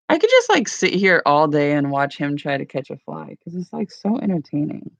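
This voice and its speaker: A woman's voice: low voice, big pitch swings, moderate pace, gravelly, hardly any pauses, dry recording. A woman rambling casually at home for her morning vlog, with lots of "like" and "you know.". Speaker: vlogger. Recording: dull lo-fi sound.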